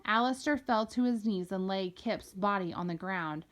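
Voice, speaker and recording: A woman reading a novel aloud, telling the story in a steady, expressive way. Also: mid-range voice, normal speed, hardly any pauses. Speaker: reader.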